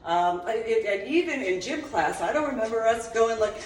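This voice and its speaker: A woman's voice: on the high side, lively intonation, normal speed, slight background noise. A woman from New Jersey talking in a meandering personal monologue, laughing often between thoughts. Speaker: vlogger. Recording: roomy echo, voice from a distance.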